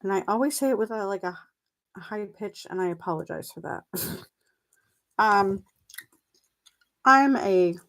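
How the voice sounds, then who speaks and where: A woman's voice: medium pitch, a little slow, long pauses, rough recording. A middle-aged woman, a mindset coach, hosting a casual live stream at her computer. She rambles and laughs at herself while chewing gum, talking into a desk mic. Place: at a table with her computer, indoors. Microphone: plug-in desk mic.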